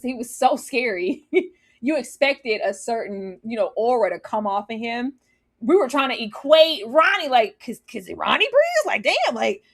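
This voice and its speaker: Lively, animated woman reviewing a show. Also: sits high. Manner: expressive, laughs often, acts out scenes in mock voices. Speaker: TV review panelist. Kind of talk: animated casual review chat.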